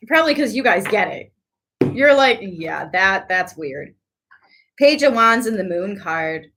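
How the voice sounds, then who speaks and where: A woman giving a casual tarot reading to her viewers, chatty and quick to laugh, with animated asides. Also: medium pitch, slight background noise. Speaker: tarot reader.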